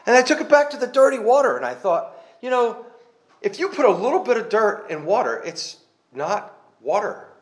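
A man with a somewhat raised speaking pitch shares his personal testimony before a congregation. He talks earnestly and plainly, pokes fun at himself, and often restarts his sentences as he goes. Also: big pitch swings, normal speed. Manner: earnest and conversational, with self-mocking humor; rambling, with restarts. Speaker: church member giving a testimony.

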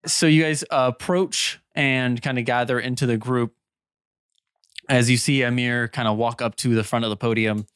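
A man narrating as game master of a tabletop game in a relaxed way, with many fillers. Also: mid-range voice, moderate pace, clear, resonant tone, no room sound, studio quality.

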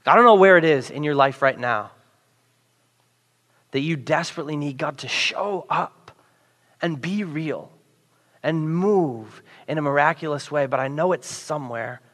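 A man's voice: on the high side, measured pace, pauses often, a bit bright. A man preaching a sermon as pastor, conversational and earnest, in a church hall. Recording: echoey hall.

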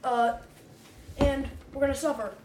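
A woman's voice: sits high, steady tone, a little slow, background noise. A young woman co-hosting a podcast in casual chat, giggly, chatty and easily grossed out. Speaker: podcast co-host.

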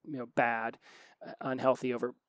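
A man hosting a solo self-help podcast. He talks fast and restarts his sentences often. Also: medium pitch, level tone, no echo. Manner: fast-talking, with frequent restarts. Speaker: podcast host.

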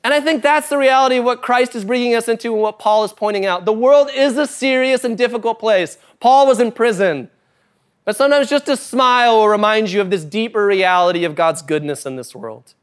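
A man preaching a sermon to his congregation, talking conversationally and moving between loud, emphatic stretches and soft, quiet ones. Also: extremely high pitch, a little fast, smooth. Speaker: pastor. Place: church service before a congregation.

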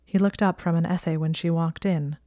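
A woman reading a fan fiction story aloud as an audiobook, in calm, measured narration. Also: fairly low pitch, no echo, studio quality. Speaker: audiobook reader.

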